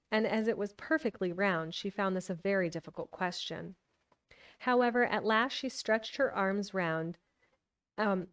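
Recorded from a distance, a woman with a mid-range, fairly bright voice reads a novel aloud on a live stream. Between passages she chats casually with her viewers, talkative and quick to laugh.

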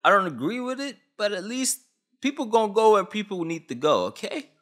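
A man's voice: sits high, very animated, a little fast, a bit bright. A young man from Canada ranting on camera about a law, agitated, blunt and full of slang. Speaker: vlogger. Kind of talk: heated opinion rant.

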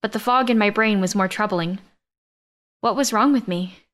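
Carrying the action without fuss, a woman reads a first-person sci-fi romance audiobook at a moderate pace. Her medium-pitched delivery stays steady and even.

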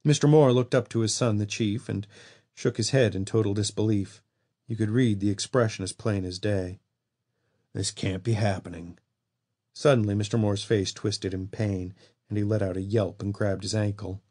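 A man reading a horror novel aloud as an audiobook narrator, in steady storytelling. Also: fairly low pitch. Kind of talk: scripted narration.

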